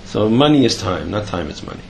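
A man's voice: fairly low pitch, sing-song, a little fast, creaky, a little mellow, a little hiss or hum. A man giving a Torah class, telling stories and explaining a point, with many fillers and restarts and a voice that jumps up when he stresses something. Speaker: Torah teacher.

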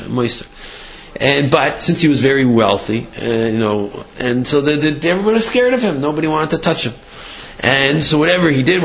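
A man telling a story to a class in an animated way, with frequent restarts and acted-out quotes. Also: mid-range voice. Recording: muffled lo-fi recording.

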